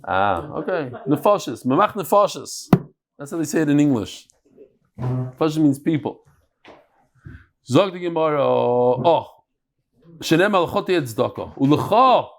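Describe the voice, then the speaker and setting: A man leads a Talmud class, talking in a lively, chatty way and sprinkling in Hebrew and Yiddish terms. His voice sits a bit high for a man. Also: a little slow, gravelly, pauses often. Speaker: Talmud teacher.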